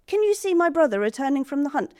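A woman voicing a kind, gentle woman in a told folk tale, speaking in a coaxing way. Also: sits high, very animated, fast talker, dry recording, studio quality, voice pushed up.

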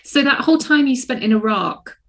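A woman's voice: high voice, animated, fairly quick, crowd noise. A woman hosting a radio interview show, reading a polished introduction and asking curious questions.

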